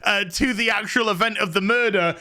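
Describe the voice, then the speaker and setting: A man's voice: high-pitched, a little fast, sharp tone, exaggerated voice. A man mimicking a smug Jedi official.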